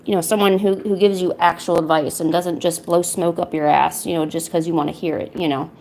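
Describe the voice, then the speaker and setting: A woman's voice: fairly low pitch, fairly even intonation, fairly quick, a little mellow, slight background noise. A woman chatting candidly while she paints at home, rambling a little and swearing casually. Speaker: art streamer.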